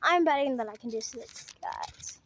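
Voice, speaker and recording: A woman, filming a casual vlog outdoors on her phone and chatting excitedly while coaxing stray cats. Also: high-pitched, normal speed. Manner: excited, chatty, coaxing animals in a sing-song voice. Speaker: vlogger. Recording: noisy outdoor phone recording.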